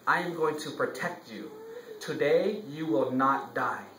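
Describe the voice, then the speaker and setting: A man's voice: on the high side, measured pace, a bit bright, echoey room, recorded from a distance, slight background noise, low-quality recording. A man voicing a remorseful male priest in a spoken story, in an earnest storytelling voice.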